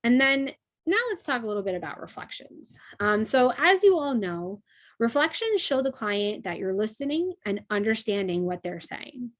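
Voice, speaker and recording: A woman's voice: fairly high pitch, big pitch swings, normal speed. A young adult woman teaching a class in a conversational way, with many fillers and frequent checks like "right?". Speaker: instructor.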